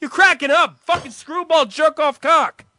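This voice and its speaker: A man acting out a furious brother in a reenacted film scene, yelling high and fast with heavy swearing. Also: no echo, studio quality, full character voice. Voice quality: shouting, high and strained.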